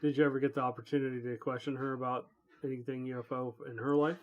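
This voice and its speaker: A man hosting a podcast interview, asking gentle questions with brief reactions. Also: mid-range voice, level tone, fast talker, dull audio, a little hiss or hum. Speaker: podcast host.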